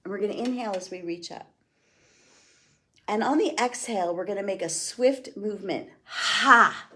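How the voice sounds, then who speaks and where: A middle-aged woman leading a guided breathing and laughter exercise in a slow, soothing way as a wellness instructor. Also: medium pitch, a little mellow, slightly rough. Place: indoors, moving around in front of a camera.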